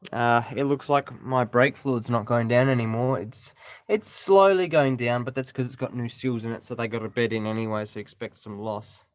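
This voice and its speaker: A man's voice: medium pitch, steady tone, normal speed, no echo. A man giving a casual, rambling vlog walkaround of his vehicle, correcting himself as he points things out, recorded outdoors on a camera mic. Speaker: car repair vlogger.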